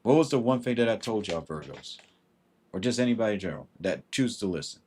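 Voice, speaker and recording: A man hosting a livestream hands out blunt, emphatic advice in a casual way, greeting viewers by name as he goes. His voice is fairly low, husky and darkish, expressive and quick, with slight background noise.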